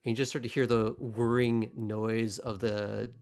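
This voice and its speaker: A man at a tabletop game adds colorful descriptions and jokes. His voice sits at a middle pitch for a man, and he talks in a relaxed, easy way. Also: measured pace. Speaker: player. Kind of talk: tabletop role-play.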